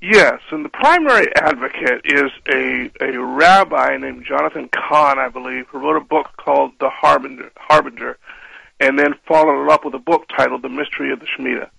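A man appearing as a financial advisor guest on a radio show, explaining things in a measured way. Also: mid-range voice, gravelly, pushed and bright, no room sound, low-quality recording. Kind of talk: radio interview.

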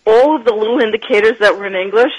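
An enthusiastic woman being interviewed on a radio show tells her stories with animated energy and frequent laughter. Her voice sits at an ordinary pitch for a woman. The sound is dry and close. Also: quick pace, dry recording, poor audio. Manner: enthusiastic, animated storyteller who laughs often. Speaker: guest, business author and professor.

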